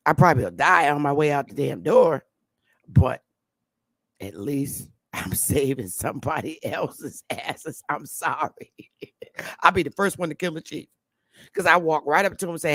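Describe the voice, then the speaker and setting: A woman's voice: low voice, expressive, a little slow, dry recording. A woman from New England hosting a livestream, giving an impassioned monologue in a blunt, profane and emphatic way. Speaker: livestream host.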